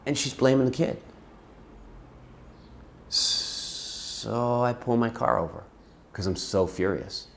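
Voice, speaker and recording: A man's voice: mid-range voice, slow, vocal fry, long pauses, a little hiss or hum. A middle-aged man telling a personal story from his ministry work, intense and impassioned, acting out the people in it.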